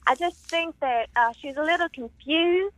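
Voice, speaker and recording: A woman's voice: high voice, normal speed, no room sound, lightly acted. A woman playing a polite, patient female corporate phone representative in a comedy call sketch, hesitant and full of ums and uhs. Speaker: caller.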